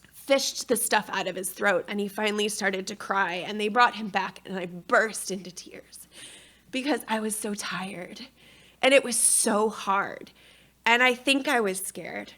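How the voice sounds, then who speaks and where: A woman giving a paper at an academic conference, moving between scholarly commentary and frank, expressive personal storytelling. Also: fairly high pitch, vocal fry.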